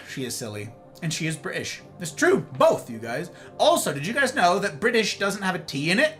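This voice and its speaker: A man's voice: sits high, very animated, moderate pace, sharp tone, faint music behind. A man live-streaming, chatting casually with his viewers, teasing and greeting them by name.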